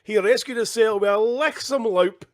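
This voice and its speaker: Easygoing Scottish Highland dad reading aloud. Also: male voice, moderate pace. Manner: easygoing, jokey, chatty asides. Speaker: host reading a children's book. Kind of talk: casual storytime reading. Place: kitchen at home, indoors.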